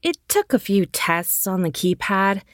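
A woman's voice: mid-range voice, big pitch swings, unhurried, dry recording, clean studio sound, pitched above the performer's own voice. A woman voicing a bubbly, reckless young woman who is someone's little sister, eager and bossy. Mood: playful.

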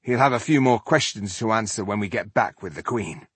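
A man's voice: fairly low pitch, expressive, fairly quick, slightly rough, dry recording. A man voicing a stern male dwarf leader who gives curt orders. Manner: curt, commanding.

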